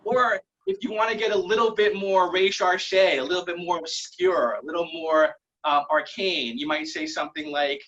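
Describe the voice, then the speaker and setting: A man doing stand-up comedy over a video call, his voice bright and a little breathy. He rambles through self-mocking jokes with a dry delivery. The audio sounds muffled and lo-fi. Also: high-pitched, fairly even intonation, moderate pace, few pauses.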